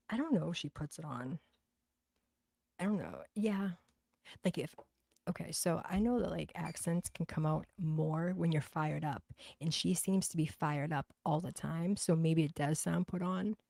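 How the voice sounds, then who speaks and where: A deep, gravelly woman with a thick Boston accent hosts a casual livestream, chatting bluntly with viewers and swearing freely. Her voice is mellow and low, and the recording is dry and close with no room echo. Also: measured pace. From New Bedford, Massachusetts. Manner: blunt, profane, chatty, gossipy. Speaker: livestream host. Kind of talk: casual livestream chat reading viewer comments.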